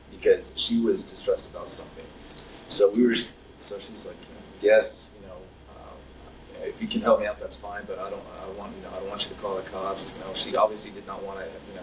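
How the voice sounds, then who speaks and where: A young man with a low voice tells his account in a hesitant, rambling way, full of fillers. He sits some distance from the mic. Faint background noise runs under the recording. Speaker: interview subject. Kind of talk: recounting events in an interview. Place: interrogation room.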